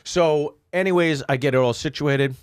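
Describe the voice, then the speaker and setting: A man's voice: a little high, moderate pace, a little hiss or hum. A man co-hosting a podcast, telling a long comic story and acting out the people in it. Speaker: podcast co-host. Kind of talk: casual comedic storytelling.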